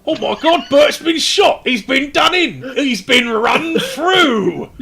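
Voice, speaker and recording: A man voicing panicking kobold cultists who shout in a frantic, put-on British way. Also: very high-pitched, big pitch swings, slow, vocal fry, voice pushed up, full character voice.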